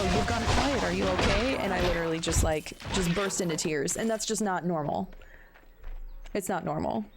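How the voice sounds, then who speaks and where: A woman in her thirties talking candidly in casual chat, questioning herself and halting with fillers. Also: mid-range voice. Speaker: stream co-host.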